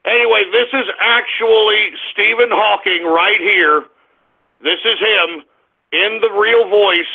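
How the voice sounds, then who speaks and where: A man's voice: high voice, slow pace, gravelly. A male radio talk show host delivering a combative, crude, ranting monologue. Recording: tinny phone-like radio sound.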